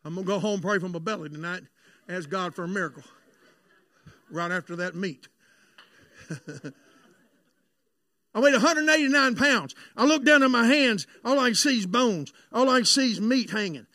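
A pastor preaching a sermon and telling a personal story, fervent and confiding by turns. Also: male voice, high voice, expressive, normal speed, pauses often, dry recording. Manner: fervent, swings between shouted preaching and hushed confiding storytelling.

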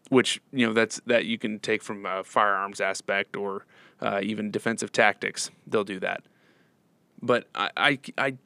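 A slightly hoarse man hosting a casual live podcast, talking in halting bursts full of repeats and restarts. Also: on the low side, a bit bright, dry recording. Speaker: podcast host.

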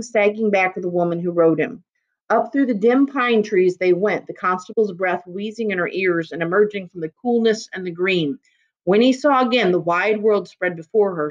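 A woman reading a novel chapter aloud in a measured, steady storytelling manner. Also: mid-range voice, lo-fi sound. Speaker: reader.

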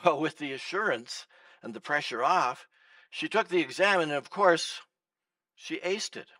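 A pastor preaching a sermon in a church, swinging between loud emphasis and soft, hushed lines. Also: male voice, a little high, expressive, measured pace, no echo, recorded from a distance.

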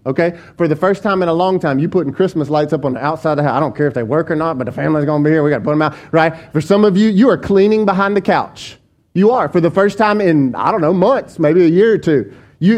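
Guy preaching a sermon, kinda high voice, chatty and lively, talks right to the church folks. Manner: conversational, animated preaching with asides to the congregation. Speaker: pastor.

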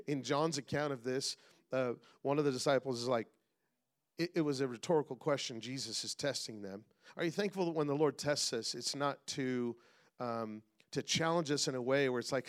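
A middle-aged man preaching a sermon as pastor, calling out to the congregation and swinging between loud and hushed delivery. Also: mid-range voice, moderate pace.

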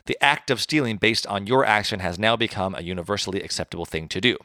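A man's voice: lowish voice, fast, bright, forceful tone, dry recording, studio quality. A man, co-hosting a podcast and casually explaining philosophy, self-deprecating and tripping over hard words. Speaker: podcast co-host.

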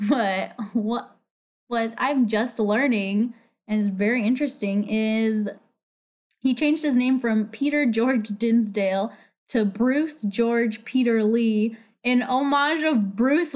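A woman with a fairly high voice chats casually as a podcast co-host. She recaps a TV episode, swears freely and laughs often. She acts out the characters' lines as she goes. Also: slow pace.

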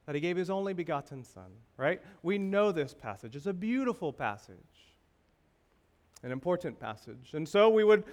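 A male pastor preaching a sermon, asking the congregation rhetorical questions with emphasis. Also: fairly high pitch.

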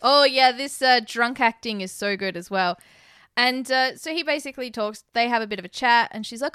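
Una mujer que presenta un podcast y cuenta escenas de una película con animación, interpretando las frases de los personajes. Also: female voice, fairly high pitch, brisk, clean tone, no echo, studio quality. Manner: animated, acts out characters' lines while retelling scenes. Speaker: podcast co-host. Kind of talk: casual movie recap chat.

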